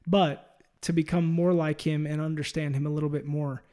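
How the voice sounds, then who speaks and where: A man hosting a faith-based interview, speaking in an earnest, heartfelt way with frequent halting restarts. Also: a little high, little pitch movement, mellow. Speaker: podcast host.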